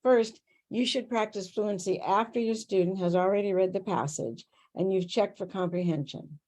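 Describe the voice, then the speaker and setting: A woman presenting a tutor training workshop on a video call, reading prepared material in a clear, steady, instructive way. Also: medium pitch, normal speed.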